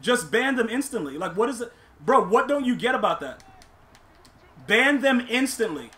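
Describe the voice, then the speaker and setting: A young man streaming a football video game, complaining to himself and his chat and shouting in disbelief at bad plays. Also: very high voice, big pitch swings, moderate pace. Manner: exasperated, talks to himself and chat. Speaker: gaming streamer. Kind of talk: live gameplay commentary.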